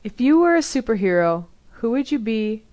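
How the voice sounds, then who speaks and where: A woman asking a series of interview questions in a plain, even manner. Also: on the high side, moderate pace, dull audio.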